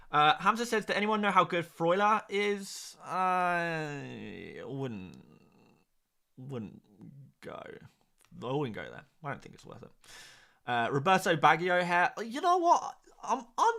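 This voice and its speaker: On a fantasy football live stream, a male host with a somewhat high voice and a fairly quick pace works through viewer questions, keeping the banter lively and full of jokes.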